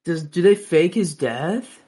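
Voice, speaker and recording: Eager guy cohosting, kinda high voice, thinking out loud. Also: animated, takes it slowly, crowd noise. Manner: eager, restless, thinks aloud. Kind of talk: casual chat.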